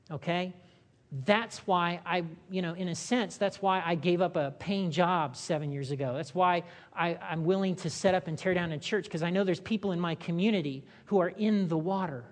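A woman's voice: lowish voice, normal speed. A woman pastor preaching a sermon in a conversational style, asking the congregation questions and acting out short voices. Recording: long hall reverb.

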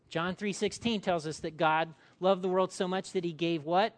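A male pastor delivering a sermon in an animated way, acting out quotes and quizzing his congregation. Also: high voice, moderate pace, hardly any pauses.

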